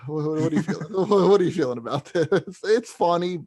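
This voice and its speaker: A young man co-hosts a casual wrestling podcast, his voice sitting a little high. He rambles, restarts sentences and fills gaps with ums. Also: lively intonation, a little fast, a little mellow. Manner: rambling, many fillers and restarts. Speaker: podcast co-host.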